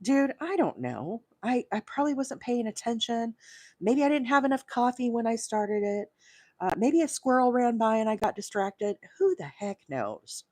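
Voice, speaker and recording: A woman's voice: fairly high pitch, very animated, moderate pace, mellow, no room sound. Chatty woman hosting a crochet livestream. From Alabama, US. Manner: chatty and self-deprecating, with many fillers and asides to viewers. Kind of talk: casual live crochet tutorial.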